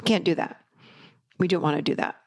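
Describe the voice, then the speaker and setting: A woman's voice: fairly low pitch, a little fast. A middle-aged woman, a podcast host and life coach, giving an upbeat, encouraging motivational talk with emphatic delivery.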